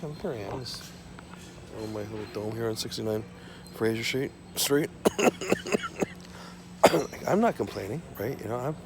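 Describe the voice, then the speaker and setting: A man with a gravelly, fry-laden voice at an everyday middle pitch rants to his camera from his small home. His talk is profane, repetitive and wanders from point to point. Faint vehicle noise hums in the background. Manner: ranting, profane, repetitive, drifting off topic. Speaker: vlogger. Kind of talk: rambling monologue to camera.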